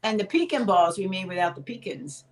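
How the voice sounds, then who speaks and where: A woman's voice: mid-range voice, lively intonation, brisk, faint music behind. Chatty woman baking in a kitchen. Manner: chatty, practical, rambling. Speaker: co-host. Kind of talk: casual chat while baking. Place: home kitchen.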